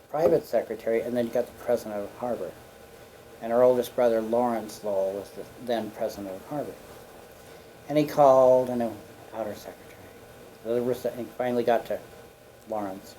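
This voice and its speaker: A man guest on a community talk show, telling anecdotes in a playful, animated way. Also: mid-range voice, a little hiss or hum, poor audio. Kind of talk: storytelling on a local talk show. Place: community studio.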